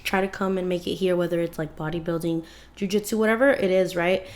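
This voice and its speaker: A woman's voice: on the low side, fairly even intonation, quick pace, a little hiss or hum. Chatty young woman co-hosting a podcast. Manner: chatty, many "like"s, emotional retelling. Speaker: podcast co-host. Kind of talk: casual chat.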